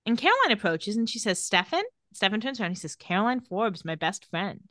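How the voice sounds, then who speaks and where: A young woman with a bright, crisp voice recaps a TV episode with a podcast co-host and jumps into the characters' lines as she goes. Her pitch swings widely, and her voice is recorded close and dry with no room sound. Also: brisk, dry recording. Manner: animated, acts out characters' lines while recapping. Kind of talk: casual TV recap chat.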